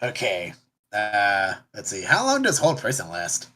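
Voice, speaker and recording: A man playing a tabletop game live, talking in halting bits with many fillers and restarts. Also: lowish voice, huge pitch swings, pushed and bright, a little hiss or hum. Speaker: tabletop player.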